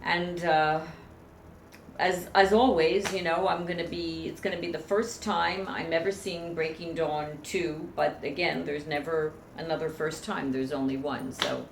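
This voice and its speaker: A woman with a lowish voice tells a personal memory to camera, heartfelt and emotional. The sound is roomy and echoey, with a faint hum of ambience behind her. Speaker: vlogger.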